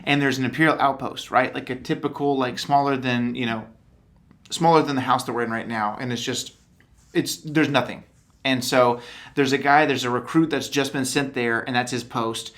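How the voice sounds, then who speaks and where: A man co-hosting a casual podcast chat, an animated storyteller who acts out quotes, with a tired voice. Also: medium pitch, moderate pace. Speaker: podcast co-host.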